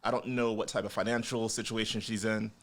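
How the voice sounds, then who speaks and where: Relaxed male filmmaker co-hosting a podcast. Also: lowish voice, brisk. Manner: relaxed, filler-heavy, laughs often. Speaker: podcast co-host, independent filmmaker. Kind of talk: casual film chat.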